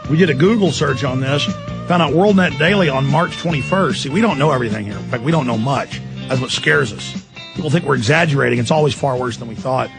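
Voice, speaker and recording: A man's voice: fairly high pitch, vocal fry. A man hosting talk radio, delivering an insistent, escalating monologue. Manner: fervent, insistent, escalating into shouting. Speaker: radio talk show host.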